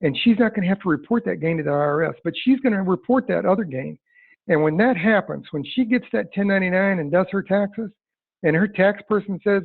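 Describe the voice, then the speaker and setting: A man's voice: sits high, fairly quick, vocal fry, breathy edge. A man running a sales training webinar, talking in a folksy, emphatic way and acting out client dialogue. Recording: dry tinny phone-like line.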